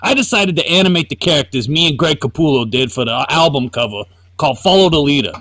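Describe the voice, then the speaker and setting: A man's voice: on the high side, expressive, fast talker, a bit bright. A man doing an arrogant, bragging artist mogul. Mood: boastful, cocky. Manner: bragging, profane, self-congratulating reading. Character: arrogant, self-glorifying male comic artist mogul.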